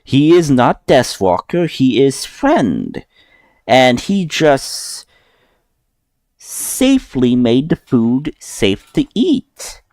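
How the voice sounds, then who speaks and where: A man acts out a gruff Goliath warrior in a tabletop game, worn out by his comrades. His speech is short and broken, and his voice leaps high when he is exasperated. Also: big pitch swings, drawn-out words, a little mellow, dry recording. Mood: patient.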